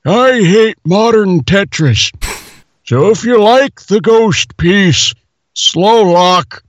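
A man's voice: high-pitched, no room sound, dull audio, voice pushed up, exaggerated voice. A man reading a review aloud as a cranky, complaining old man, drawing out his grumbles. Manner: grumpy, complaining, drawn-out.

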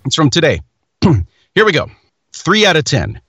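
A man's voice: a little high, wildly swooping pitch, normal speed, a bit bright, slightly rough, no room sound. A man hosting a casual chat, telling rambling stories with self-mocking humor.

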